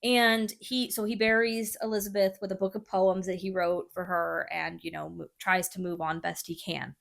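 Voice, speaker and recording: A woman's voice: mid-range voice, little pitch movement, moderate pace, vocal fry, fairly bright tone. A woman hosting a podcast, telling a history story in casual chat, swearing freely and filling gaps with "like" and "you know.". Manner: chatty, swears freely, many fillers.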